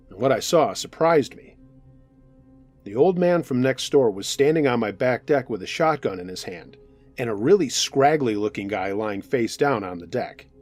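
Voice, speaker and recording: A man reads a true scary story aloud at a medium pitch. His delivery is calm and steady, with the even pacing of a practiced storyteller. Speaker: narrator reading listener stories. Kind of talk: scripted horror story narration.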